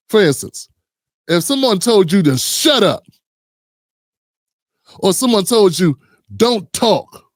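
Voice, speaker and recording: A man's voice: high voice, dry recording, studio quality. A man hosting a reaction commentary show, blunt and sarcastic, talking straight to his viewers. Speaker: commentary host.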